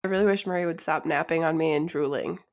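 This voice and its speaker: Chatty woman podcast co-host, quick to laugh. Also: sits low, vocal fry. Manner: laughs easily, relaxed and chatty. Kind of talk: casual chat.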